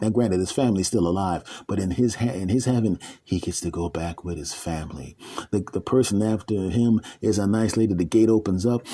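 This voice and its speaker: A middle-aged man with a low, dark, husky voice tells a comic story. He is animated and slips into character voices as he goes, in a relaxed, unhurried monologue. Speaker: comedic storyteller. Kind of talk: comedic monologue.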